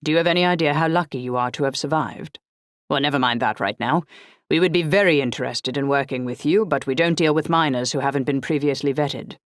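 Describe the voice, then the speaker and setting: A woman voicing a formal, precise older man who speaks in clipped, measured sentences. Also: sits low, no room sound, lightly acted. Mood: urgent. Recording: dry close audiobook recording.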